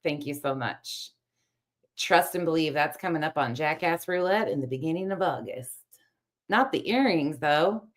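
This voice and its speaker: A woman's voice: low-pitched, lively intonation, moderate pace. A woman co-hosting a livestream, reacting with sassy quips and thanking viewers. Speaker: livestream co-host. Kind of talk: casual livestream chat.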